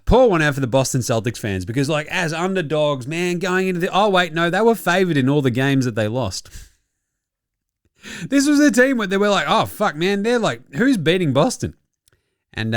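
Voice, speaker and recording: Animated Australian man mocking basketball. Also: on the high side, dry recording, clean studio sound. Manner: animated, mocking, swears freely, chuckles often. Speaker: basketball podcast host. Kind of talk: casual sports commentary.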